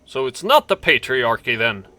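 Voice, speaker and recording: A man's voice: medium pitch, big pitch swings, normal speed, bright, forceful tone, no echo. A man casually commentating a role-playing game, reading the text aloud and cracking jokes. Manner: joking asides, reads game text aloud. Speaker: let's play host.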